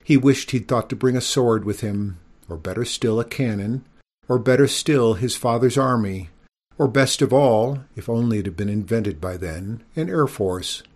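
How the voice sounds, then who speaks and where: A man narrating a children's storybook aloud, steady and gently amused. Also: medium pitch, normal speed. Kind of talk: storybook reading.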